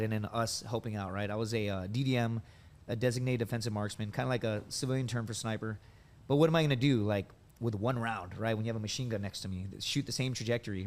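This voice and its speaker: Rambling storyteller man in his thirties. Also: mid-range voice. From United States. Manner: rambling, full of likes and dudes. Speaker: podcast guest, veteran and comedian. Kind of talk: casual storytelling.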